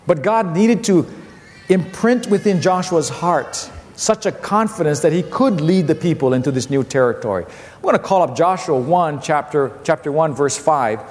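High-voiced male pastor preaching in a hall. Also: moderate pace. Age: 50s. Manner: animated storytelling, repeats phrases, acts out family voices. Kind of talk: sermon. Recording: long hall reverb.

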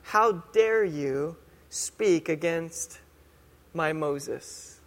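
A stern, fatherly God scolds in slow, weighty words, as a preacher puts him on. The voice sits high and rings with a long hall reverb. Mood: angry.

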